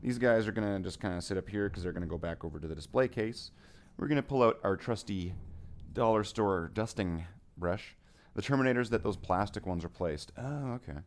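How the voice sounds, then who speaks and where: A man's voice: lowish voice, fairly quick. A man chatting casually while painting miniatures on a hobby stream, rambling and joking as he thinks aloud.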